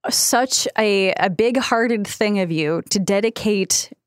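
A woman co-hosts a chatty podcast in a frank, down-to-earth way, with swearing and quick laughs. She speaks in a middle-pitched voice, close to the mic in a dead, dry room. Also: clear, resonant tone, no room sound. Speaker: podcast co-host. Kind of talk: casual chat.

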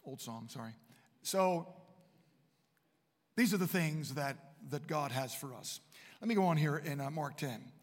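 A man with a high voice preaches to students at a Bible college. His sermon swings from hushed, reflective lines to emphatic declarations. A long hall reverb trails every phrase. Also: expressive, measured pace, long pauses. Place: large room at a Bible college.

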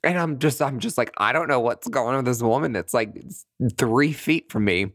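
A man, a nurse, telling a personal story in a casual, animated way, often laughing and acting out his reactions. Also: medium pitch, normal speed, dry recording, clean studio sound. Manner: breaks into giggles mid-sentence.

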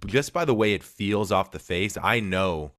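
A man's voice: fairly low pitch, lively intonation, normal speed, fairly bright tone, no room sound, studio quality. A man hosting a podcast, asking earnest, reflective interview questions. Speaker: podcast host.

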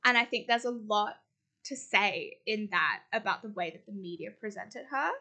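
A young woman co-hosting a casual podcast, explaining ideas in a quick, rambling, giggly way. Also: mid-range voice, sharp tone. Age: young adult. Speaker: podcast co-host. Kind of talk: casual chat.

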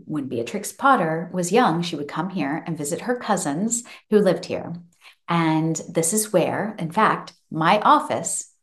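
A woman in her thirties hosting a podcast, telling a home ghost story in a lively, casual way from her office. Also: sits low. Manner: animated, acts out the child's voice with laughs. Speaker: podcast host.

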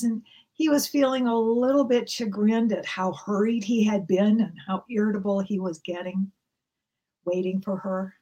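A woman pastor telling a heartfelt story in a gentle, storytelling manner from the pulpit. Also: medium pitch, a little slow. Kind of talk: sermon storytelling.

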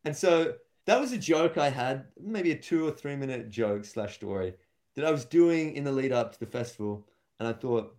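A man's voice: medium pitch, expressive, normal speed, a little mellow. Man telling rambling stage stories. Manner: rambling storyteller, acts out quotes. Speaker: stand-up comedian. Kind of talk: casual podcast chat.

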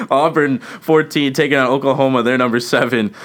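A man's voice: mid-range voice, steady tone, brisk. A young man hosting a casual sports podcast, teasing his co-host and laughing often as he runs through game picks.

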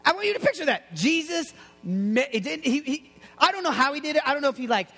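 High-voiced jokey preacher in a big hall. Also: male voice, fast, creaky, faint music behind. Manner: jokey, excitable, playful asides. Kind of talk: lively sermon.

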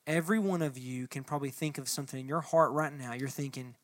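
Man, young, pastor, sermon to a congregation, quiet to impassioned, dry sound. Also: quick pace, few pauses, no echo. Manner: shifts from soft and low to loud and impassioned when reading the psalm; addresses the room directly, conversational asides. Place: church hall before a congregation.

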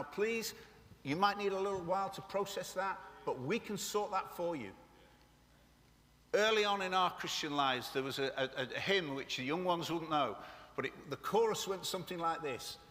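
A man's voice: a little high, pushed and bright. A man preaching a live sermon to his congregation, chatty and joking as he speaks straight to the room. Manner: jokey, chatty preacher who addresses the room directly. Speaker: pastor. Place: church hall with live audience. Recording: long hall reverb.

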